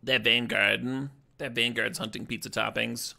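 Gravelly, playful man streaming a game. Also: mid-range voice, a little slow. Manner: playful, joking, swears when excited. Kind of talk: casual game commentary.

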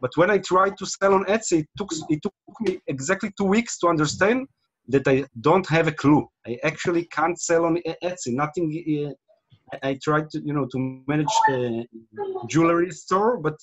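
A man's voice: a little high, moderate pace. A man from Israel with an Israeli accent, giving a webinar presentation with many fillers and restarts, speaking over a computer mic on a video call. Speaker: guest presenter.

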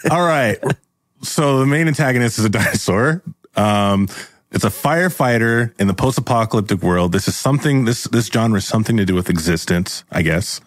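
A man's voice: lowish voice, animated, moderate pace, no room sound. A man running an improvised tabletop game on a podcast, rambling with fillers and laughing often. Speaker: game master.

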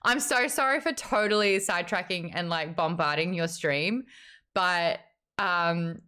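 A woman hosting a casual livestream book chat, talking in a chatty, animated way and reading viewer messages aloud. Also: lowish voice, unhurried, clean tone. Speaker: host.

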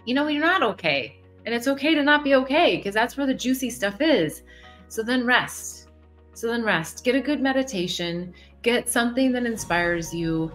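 A woman hosting a live advice session, talking in a gentle, reflective way with sudden shifts in pace. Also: medium pitch. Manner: gentle, reflective, with quick shifts in pace and playful quoted voices. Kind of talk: casual live coaching talk.

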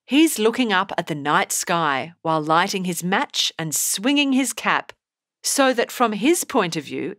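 A woman teacher giving a scripted poetry lesson in a measured, explanatory way. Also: fairly low pitch, a bit bright, dry recording, studio quality. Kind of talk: scripted narration.

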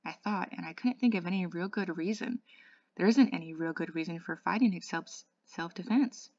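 A woman, an English tutor, reading a novel aloud in a steady voice, with small slips and restarts. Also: fairly low pitch, a little fast, no room sound, lo-fi sound.

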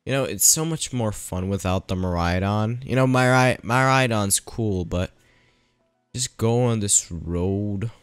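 Speaking at a measured pace in a clean voice on the low side, a gameplayer gives casual commentary while faint music plays behind. The recording is dry, and he thinks aloud while teasing the characters in the game.

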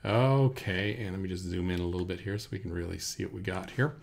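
A man with a gravelly, slightly low voice teaches a computer recording lesson. He talks through each step in a relaxed, unhurried way, with plenty of fillers. He speaks into a desk microphone in a room indoors. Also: slight background noise. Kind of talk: screen-recorded software tutorial. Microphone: USB desk microphone.

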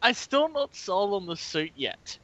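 Lively higher-voiced man, dull dry mic. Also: unhurried. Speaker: podcast co-host. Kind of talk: casual chat, film review.

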